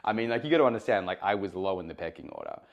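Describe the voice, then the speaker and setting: A man's voice: fairly low pitch, very fast, highs cut off. A man, speaking as a podcast guest. He tells his stories eagerly and with animation, tripping over and restarting phrases as he goes. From Australia. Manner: animated, eager, self-interrupting anecdotes. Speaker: journalist and broadcaster guest. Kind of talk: conversational storytelling.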